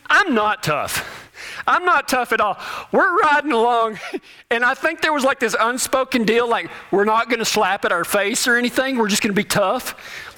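A man spins a humorous cowboy yarn in a folksy, animated way. His voice sits unusually high and rings very bright. His pitch rises and falls a lot, and his phrases stumble and restart as he goes. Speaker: cowboy speaker. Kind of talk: humorous storytelling talk.

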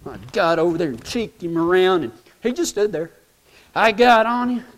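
A man's voice: sits high, animated, moderate pace. A man telling a humorous, self-mocking story in folksy rural speech to a live audience. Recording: long hall reverb.

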